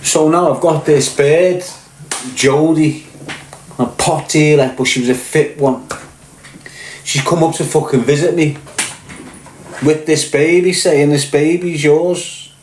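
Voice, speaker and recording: A middle-aged livestream host from Liverpool speaks in a high-ish, darkish voice, unhurried and with long pauses. He tells crude, boastful, profane stories to his live chat and answers people by name, the recording carrying a little hiss or hum and a roomy echo.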